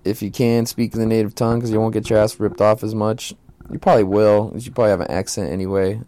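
A man's voice: on the low side, fairly even intonation, fast talker, dark tone, faint music behind. A man hosting a podcast alone, talking casually in a laid-back, slangy, profane way. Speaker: podcast host. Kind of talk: casual solo podcast monologue.

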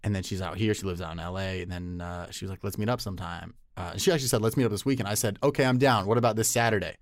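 A man's voice: sits low, racing, no room sound, studio quality. A young man in casual podcast chat, laid-back and joking, now and then slipping into silly voices. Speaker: podcast co-host.

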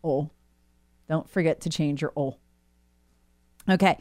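A woman's voice: fairly low pitch, big pitch swings, normal speed, dry recording, studio quality. A woman co-hosting a radio talk show, chatting playfully and reading listener texts aloud. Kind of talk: casual radio chat.

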